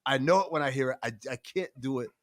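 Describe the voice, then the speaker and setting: A man's voice: medium pitch, fast talker, no echo, clean studio sound. A man co-hosting a casual podcast chat, opinionated and joking as he pokes fun at regional accents. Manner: animated, opinionated, mocks accents. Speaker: podcast co-host.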